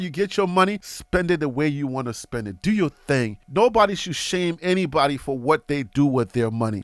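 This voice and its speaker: A man's voice: fairly high pitch, fairly bright tone, no echo. Brash laughing man talking trash. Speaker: sports channel host. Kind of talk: casual reaction commentary.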